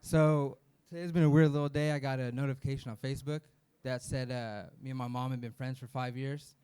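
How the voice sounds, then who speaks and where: A man's voice: medium pitch, fairly even intonation, a little fast, darkish tone, clear, resonant tone. A man doing amateur stand-up, delivering edgy jokes in an offhand, self-deprecating way with fillers. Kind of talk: stand-up comedy set. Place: small comedy venue in a vape shop.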